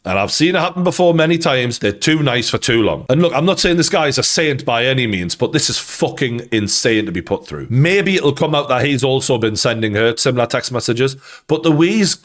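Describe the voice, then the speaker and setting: A man's voice: medium pitch, animated, brisk, fairly bright tone. A man with a Geordie accent hosting a reaction channel, giving blunt, sarcastic commentary peppered with swearing.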